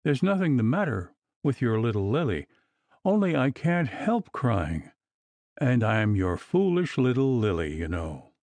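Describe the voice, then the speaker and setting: A man's voice: mid-range voice, very animated, a little slow, no room sound. A man reading the lines of a tender young girl who keeps crying and tries to make light of it, in a storybook. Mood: tearful. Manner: tearful, gently apologetic.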